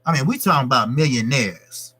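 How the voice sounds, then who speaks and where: A man's voice: medium pitch, expressive, fairly quick, bright, forceful tone, husky. A man hosting his own boxing channel, talking on a live stream in a loose, profane, repetitive way. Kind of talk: casual live-stream rant.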